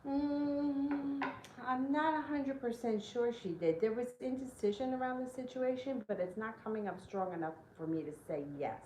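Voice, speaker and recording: A woman's voice: high voice, moderate pace, dark tone, a little hiss or hum. Chatty woman tarot reader, roomy sound. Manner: chatty, peppered with "like", frank swearing. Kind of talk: casual livestream chat. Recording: roomy echo with faint ambience.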